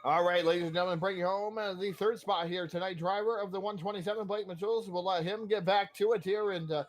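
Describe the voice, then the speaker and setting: A fairly high-voiced man runs the post-race interviews for an online racing broadcast. He talks in an upbeat, hurried way and sounds slightly winded. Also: fairly even intonation.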